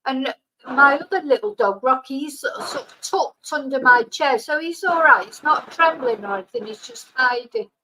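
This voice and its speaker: A woman's voice: sits high, expressive, moderate pace, bright, forceful tone, slight background noise, rough recording. A woman hosting a casual live stream, chatting with viewers and soothing her dog. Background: faint fireworks.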